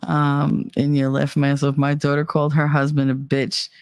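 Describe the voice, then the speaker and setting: A woman's voice: sits low, completely flat delivery, moderate pace, darkish tone, clean tone, no room sound. A middle-aged woman hosting a casual solo talk show, blunt and opinionated, swearing freely and laughing often. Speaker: podcast host.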